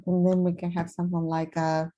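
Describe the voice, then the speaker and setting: A woman's voice: on the low side, monotone, a little fast, dark tone, muffled recording, slight background noise. A woman with an Argentinian accent teaching a casual programming lesson, thinking aloud with many fillers. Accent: Argentinian Spanish. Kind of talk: casual screen-share coding lesson.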